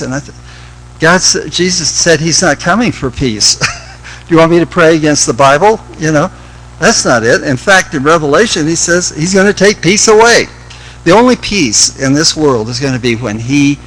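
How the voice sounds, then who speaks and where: A man's voice: on the high side, a bit bright, a little hiss or hum, rough recording. A man leading an informal Bible study, reading scripture aloud and asking rhetorical questions in a conversational way.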